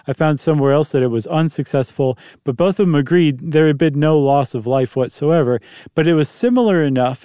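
A man's voice: on the high side, dark tone, clean tone, no room sound, clean studio sound. A man co-hosting a podcast, telling the story in a casual, chatty way and hedging his facts with asides. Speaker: podcast co-host.

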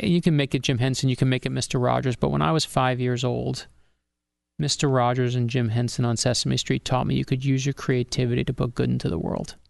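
A middle-aged man with a gravelly, creaky edge, speaking at an ordinary middle pitch into a close, dry studio mic. He tells his story with animated drive and slips into the voices of the people he quotes. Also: no room sound. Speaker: author guest. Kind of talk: podcast interview storytelling.

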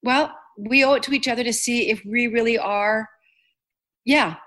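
A woman host with a slightly high voice, chatting casually with a guest. She talks in an enthusiastic, rambling way. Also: normal speed, fairly bright tone. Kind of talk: casual chat.

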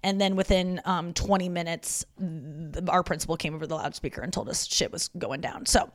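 A woman comedian in her thirties talking in a quick, profane solo podcast monologue, with many restarts and asides. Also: on the low side, steady tone, no room sound, studio quality.

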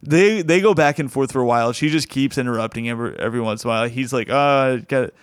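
A young male comedian tells a story in a casual, animated way, laughing through it. His voice is smooth and clear, recorded dry and close. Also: medium pitch, very fast, no room sound. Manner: animated, laughs often while telling the story.

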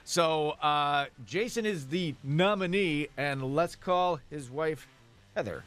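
A man's voice: fairly high pitch, slow, fairly bright tone, smooth. A man co-hosting a morning radio show, upbeat and joking. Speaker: radio co-host. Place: radio studio.

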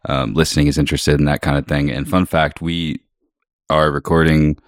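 Man, very deep voice, playful podcast co-host, casual teasing chat, remote call, dry sound. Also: flat delivery, moderate pace, no room sound.

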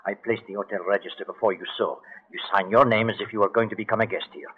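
Hushed, hesitant hotel clerk, lowish voice, lo-fi old broadcast. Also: male voice, fairly even intonation, fast talker, breathy edge. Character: nervous French hotel night clerk, secretly helpful. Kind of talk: 1940s radio drama acting. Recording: dull lo-fi 1940s radio broadcast.

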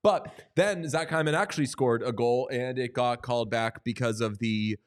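A man co-hosting a sports podcast in casual chat, his voice sitting at a middling pitch. He talks in a joking, animated way and keeps slipping into quoted voices. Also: moderate pace, clean tone. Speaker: podcast co-host.

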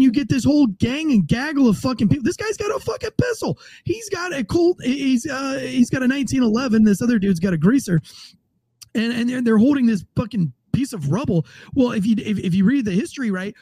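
A man hosting a casual political podcast, telling stories in a profane, rambling, excitable way. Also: extremely high pitch, fairly quick, breathy edge, dry recording. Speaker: podcast host.

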